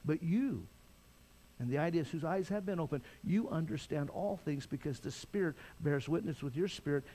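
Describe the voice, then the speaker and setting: An older man preaching a sermon as pastor, impassioned, swinging from loud cries to quiet intensity. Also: a little high.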